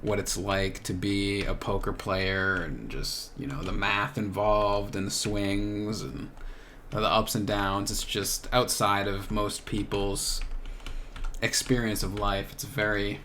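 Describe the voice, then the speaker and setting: Young man, low voice, reflective solo podcast, rambling, faint keyboard typing behind. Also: little pitch movement, takes it slowly, pushed and bright, slight background noise. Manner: musing, searching, many "like" fillers. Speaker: podcast host.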